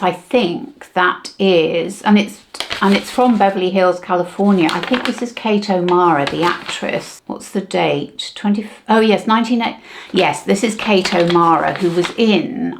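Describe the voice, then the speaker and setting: A woman's voice: fairly low pitch, gravelly, slight background noise. A woman in her seventies talking casually in a vlog, chatting and reminiscing as she sorts through family keepsakes. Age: 70s. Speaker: vlogger.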